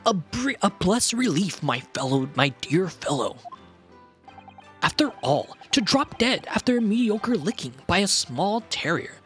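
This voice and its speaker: A pompous, theatrical gentleman detective who speaks slowly and grandly, his voice lively and bright. A man puts him on while reading a game. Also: high voice, soft background music, pitched above the performer's own voice, exaggerated voice. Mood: haughty.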